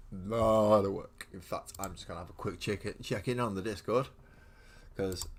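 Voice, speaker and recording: A man with a deep, low voice hosts a casual live stream from his home hobby room. He rambles and thinks aloud, often breaking off and restarting mid-sentence. A faint hum sits behind him. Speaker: host of a live miniature-painting stream.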